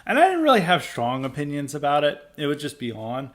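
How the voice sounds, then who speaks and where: A man's voice: a little high, huge pitch swings, fairly quick. Rambling, blunt male podcast host. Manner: rambling, full of "like" and restarts; dismissive and blunt. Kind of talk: opinionated podcast monologue.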